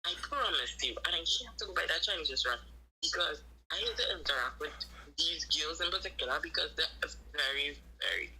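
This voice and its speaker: A woman with a Trinidad and Tobago accent, co-hosting a casual live-stream chat and telling stories with lively quoted voices. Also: sits low, fairly quick, husky, rough recording. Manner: animated storytelling with quoted voices. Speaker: co-host.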